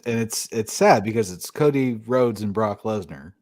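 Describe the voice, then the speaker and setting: A man's voice: fairly low pitch, lively intonation, moderate pace, a little mellow. A man co-hosting a podcast in casual chat, blunt and profane and laughing often. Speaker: podcast co-host.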